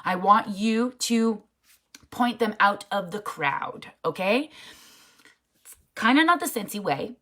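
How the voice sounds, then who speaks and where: A woman's voice: medium pitch, expressive, slow, long pauses, fairly bright tone. Frank, chatty woman coaching her sales team, emphatic and casual, mid-range voice. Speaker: network marketing team leader. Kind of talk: casual motivational talk.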